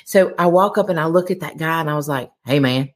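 A woman's voice: low voice, fast. A middle-aged woman, a podcast guest telling rambling stories in casual chat, laughing often and acting out what people said. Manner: chatty, rambling, laughs often, acts out quotes. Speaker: podcast guest, baking competition winner.

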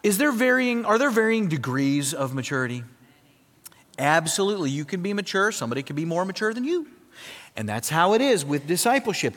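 A man with a notably high voice preaching in a church sanctuary, his words trailing off into a long, ringing reverb. He delivers the sermon with animated emphasis, pressing the congregation with rhetorical questions. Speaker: pastor. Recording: long reverb of a large hall.

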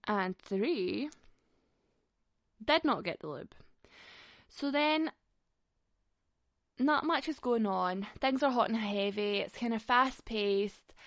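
A woman's voice: a little high, fairly bright tone, dry recording, studio quality. A young woman hosting a podcast, telling a frank story bluntly with lots of swearing and laughing mid-sentence. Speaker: podcast host. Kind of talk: candid comic storytelling.

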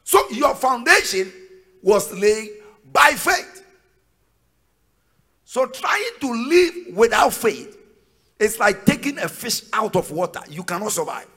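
Pastor preaching with a lively high voice. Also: male voice, slow pace, pauses often, slightly rough. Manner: emphatic, sing-song preaching with shouted peaks. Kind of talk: sermon. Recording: long reverb of a large hall.

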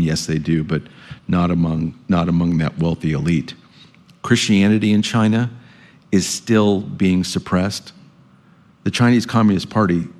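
A man speaking as a guest lecturer, answering audience questions in a measured way and often repeating words while he thinks. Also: low-pitched, a little mellow. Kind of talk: public lecture Q&A.

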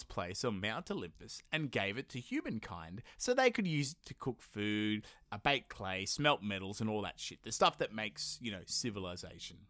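A young man hosts a podcast in a casual, comedic chat. His bright, lively voice swings widely in pitch as he acts out film characters mid-story. The recording is dry and close. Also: normal speed, hardly any pauses, dry recording. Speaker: podcast host.

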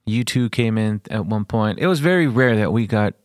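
A man's voice: lowish voice, moderate pace, dry recording, clean studio sound. A man in his forties from El Paso, telling a story in casual podcast chat, swearing often and acting out the voices in his quotes. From El Paso, Texas. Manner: profane, animated storyteller, acts out quotes.

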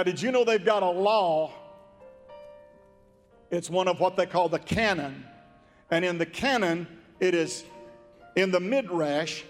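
A man preaching a sermon in a folksy, drawn-out, emphatic way. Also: high-pitched, big-room sound. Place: church sanctuary.

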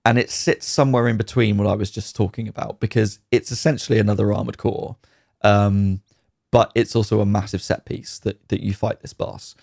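A man's voice: lowish voice, little pitch movement, fairly quick, vocal fry, a little mellow, no room sound, studio quality. A man co-hosting a casual podcast chat, talking in a rambling, enthusiastic way about games with frequent ums. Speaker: podcast co-host.

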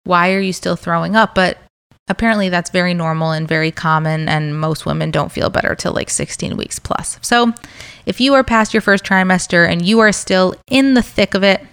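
A woman's voice: lowish voice, moderate pace, fairly bright tone, smooth, no room sound. A young woman hosting a podcast in a casual, chatty way, full of "like" and "um," candid and conversational. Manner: chatty, filler-heavy, candid. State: pregnant. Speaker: podcast host. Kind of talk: casual chat.

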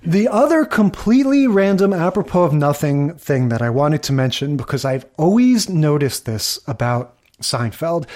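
A man's voice: a little high, darkish tone. A man co-hosting a podcast, chatting casually and analytically, drifting into tangents and little theories. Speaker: podcast co-host. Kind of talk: casual chat.

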